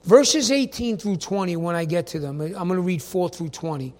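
A man preaching a sermon, animated, calling on congregation members by name and swinging from soft asides to loud emphatic bursts. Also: high voice, moderate pace. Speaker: pastor.

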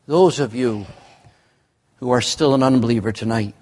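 A man preaching an evening sermon to a congregation, with a slow, emphatic delivery. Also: medium pitch, a little mellow, in a large hall.

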